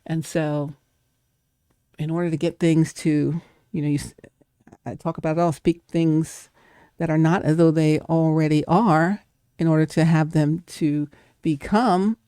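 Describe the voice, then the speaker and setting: Emphatic woman with a mellow voice. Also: low voice, steady tone, measured pace, long pauses, clean tone, no room sound, clean studio sound. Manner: emphatic, preacher-like, acts out doubting inner voices. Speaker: guest speaker. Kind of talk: motivational faith talk.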